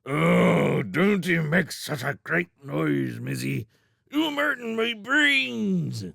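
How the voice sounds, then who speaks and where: A man voicing a slow-talking rustic male mole in a storybook, with country grammar. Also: a little high, big pitch swings, vocal fry, bright, forceful tone, dry recording, clean studio sound, pitched above the performer's own voice, full character voice. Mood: complaining.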